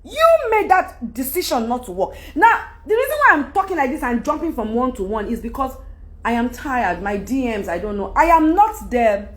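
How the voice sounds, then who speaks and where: A middle-aged Nigerian woman talking to her fans unscripted, blunt and scolding, rambling with sudden loud outbursts. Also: a little high, very animated, fairly quick. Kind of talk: unscripted talk to camera.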